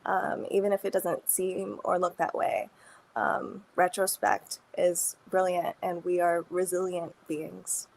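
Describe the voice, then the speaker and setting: A woman's voice: lowish voice, level tone, takes it slowly, vocal fry, darkish tone. Female interview guest, earnest and giggly, faint background hiss. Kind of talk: casual interview chat.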